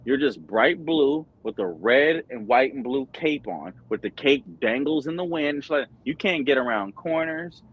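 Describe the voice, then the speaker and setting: A man's voice: medium pitch, lively intonation, moderate pace, hardly any pauses, slightly rough, dull audio. A man hosting a pop-culture stream, rambling in casual chat with lots of fillers and crude slang over an online voice chat.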